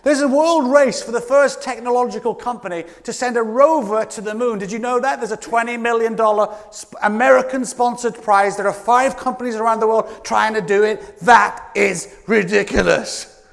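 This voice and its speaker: A British man giving an energetic, playful motivational keynote as a leadership coach, calling out to the audience from a conference stage. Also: extremely high pitch, fairly quick, hardly any pauses, big-room sound. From Britain.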